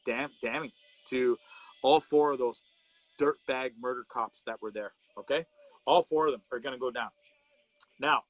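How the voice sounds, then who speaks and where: A man's voice: medium pitch, a bit bright, poor audio. A man hosting a live show, delivering impassioned commentary in an angry, profane way, often repeating and restarting words. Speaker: host of a live wellness show.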